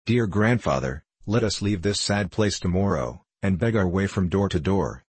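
A man voicing a devoted young girl who pleads earnestly with her grandfather, in his own husky voice. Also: low-pitched, expressive, moderate pace, darkish tone, dry recording. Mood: pleading.

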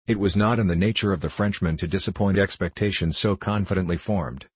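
A man narrating a classic novel in a measured, even way. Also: low voice, breathy edge, no room sound. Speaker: audiobook narrator.

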